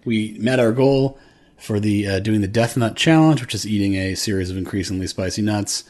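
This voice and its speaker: A man's voice: on the low side, moderate pace, a little mellow. A man co-hosting a comedy podcast, chatting casually and rambling with lots of fillers and restarts. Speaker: podcast co-host.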